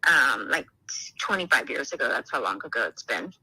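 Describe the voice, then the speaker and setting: Bright-voiced woman, hesitant agent. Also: a bass voice, very animated, fairly quick, slightly rough, poor audio. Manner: hesitant, many fillers, easygoing. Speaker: listing agent. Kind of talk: phone conversation.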